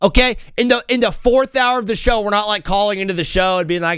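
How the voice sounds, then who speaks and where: A man hosting a live sports talk show, rambling and joking in an excitable, casual way. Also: high-pitched, quick pace, hardly any pauses, smooth, dry recording, studio quality.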